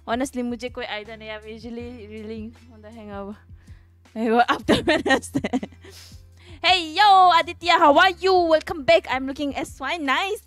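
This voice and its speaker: A woman's voice: on the high side, fairly bright tone, no echo. A young woman with an Indian accent, casually chatting and joking with her livestream viewers. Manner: playful, giggly, greets chat viewers. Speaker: livestream host. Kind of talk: casual stream chat.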